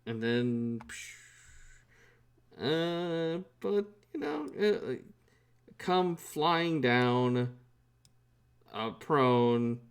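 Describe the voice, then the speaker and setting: A man running a tabletop game as game master, narrating haltingly with many fillers. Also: mid-range voice, big pitch swings, clear, resonant tone.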